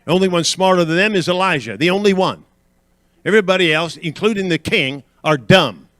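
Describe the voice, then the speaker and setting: A man's voice: sits high, fairly quick, a bit bright, no echo. A man preaching a sermon at church, emphatic and repetitive, calling out questions to the congregation and building in intensity. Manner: emphatic, repeats phrases with rising intensity, quizzes the congregation. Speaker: guest preacher.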